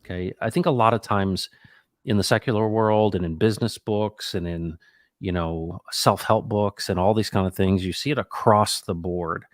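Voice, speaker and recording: Low-voiced middle-aged man telling stories. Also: normal speed, dry recording, clean studio sound. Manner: animated, acts out quoted dialogue; reflective, faith-minded musing. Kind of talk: casual conversational storytelling.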